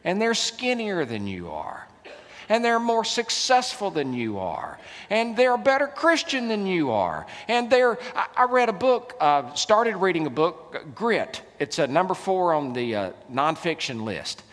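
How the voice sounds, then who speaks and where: Animated preacher in a hall. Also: male voice, high-pitched, a little slow. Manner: humorous, animated storytelling with swings in loudness. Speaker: keynote speaker and preacher. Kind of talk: sermon. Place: large hall. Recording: reverberant hall.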